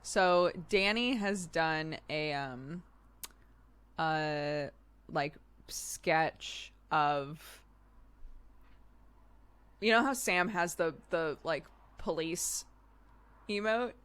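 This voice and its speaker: A woman's voice: sits low, very slow, long pauses, fairly bright tone, smooth. A woman hosting a live stream in casual chat, giggly and chatty, laughing often. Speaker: streamer host.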